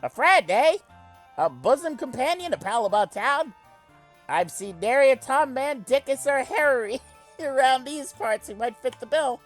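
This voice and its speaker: A man's voice: very high-pitched, animated, a little slow, soft background music, pitched above the performer's own voice, full character voice. A man voicing a bombastic, space-obsessed male alien tinkerer in an old-timey newsreel announcer style, with grandiose, flowery phrasing.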